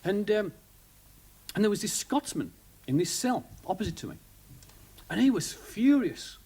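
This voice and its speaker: A man's voice: high voice, sing-song, a little slow, darkish tone, husky. A man with a Birmingham accent telling a rambling stand-up story with lots of asides. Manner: rambling, chatty, full of asides. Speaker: stand-up comedian. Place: TV studio before live audience. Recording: 1970s TV studio with audience laughter.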